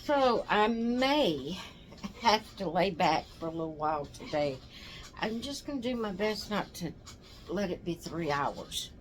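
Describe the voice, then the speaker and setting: A woman's voice: fairly low pitch, expressive, measured pace, a little hiss or hum. An older woman who hosts a doll channel, chatting casually to camera in a rambling, tired way, yawning as she talks. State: exhausted.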